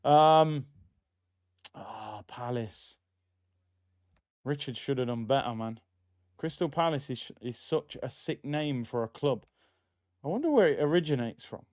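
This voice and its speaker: Young man with a smooth voice, commentating a football watchalong. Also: on the high side, animated, normal speed, no echo. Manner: casual, reacts loudly to chances, reads out chat. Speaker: watchalong streamer. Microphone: streaming mic.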